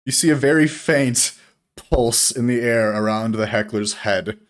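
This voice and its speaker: A man's voice: mid-range voice, fairly even intonation, moderate pace. A man running a tabletop game as game master, narrating casually with laughs and swearing.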